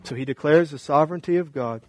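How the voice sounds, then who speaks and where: A man's voice: a little high, fast, low-quality recording. A male pastor preaching a sermon in a conversational way, often asking the congregation rhetorical questions.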